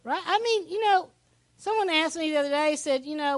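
A woman pastor preaching a sermon in a lively, conversational way, with asides to the congregation. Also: high-pitched, a little fast, dry recording.

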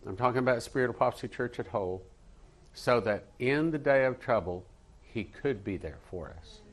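A pastor preaching a sermon and praying in church, earnest, leading the congregation to repeat lines after him. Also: male voice, mid-range voice, expressive, moderate pace. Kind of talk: sermon with prayer.

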